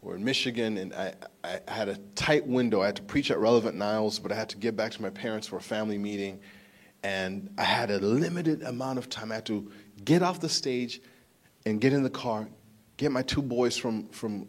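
This pastor, a man in his thirties, speaks on the low side and a little fast. His sermon is animated storytelling that climbs toward emphatic outbursts, with rhetorical questions put to the crowd.

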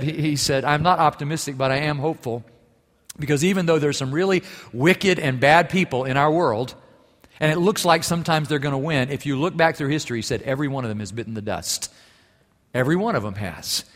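A male pastor preaching in a church sanctuary. His voice sits a bit high for a man, and a long reverb trails each phrase. He builds to loud, emphatic peaks, then falls to near-quiet storytelling. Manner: earnest preaching, swelling louder on key phrases, dropping soft for stories. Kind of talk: sermon.

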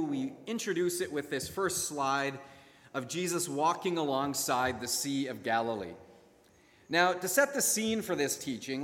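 A man preaches to his congregation in a measured sermon style, slipping into character voices when he tells a story. His voice sits a little high for a man. A long reverb trails behind his words. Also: a bit bright. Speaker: pastor.

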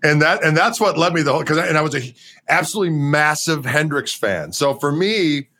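Bright-voiced interviewer, chatty and relaxed. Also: male voice, fairly high pitch, brisk. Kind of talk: casual chat.

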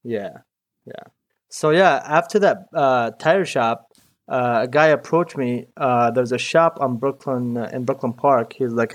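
A man's voice: mid-range voice, a little slow. Young man, from Iraq, casual interview talk, rambling, laid-back. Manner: loose and rambling, full of "dude" and "you know". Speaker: mechanic guest.

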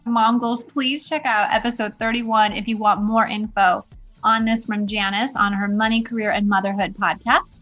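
A woman's voice: medium pitch, steady tone, normal speed, fairly bright tone, soft background music. A woman co-hosting a podcast in casual chat, emphatic and encouraging, repeating phrases for stress. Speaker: podcast co-host.

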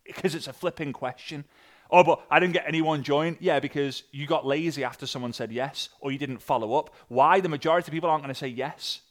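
A man coaching an online audience on sales messaging, energetic and animated, acting out sample messages. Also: fast, hardly any pauses. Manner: energetic, with big jumps in pitch and loudness; acts out sample messages in different voices. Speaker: sales and network marketing coach.

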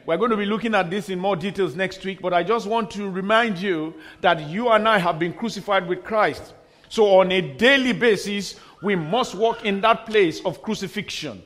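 A man delivers a sermon as pastor, his voice sitting fairly high for a man. He hammers home repeated refrains with emphasis. Now and then he slips in humorous asides. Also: moderate pace, fairly bright tone.

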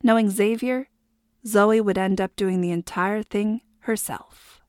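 A woman reads a novel aloud in a steady, expressive narration. Her voice sits at a middle pitch. The sound is close and dry. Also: a little slow, no echo. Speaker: audiobook narrator. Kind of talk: scripted narration.

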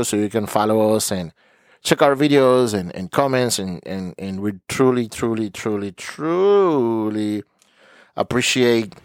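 A man's voice: medium pitch, no room sound, clean studio sound. A man hosting a podcast as a therapist, speaking earnestly and emotionally and often repeating words as he searches for them. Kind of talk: heartfelt podcast monologue.

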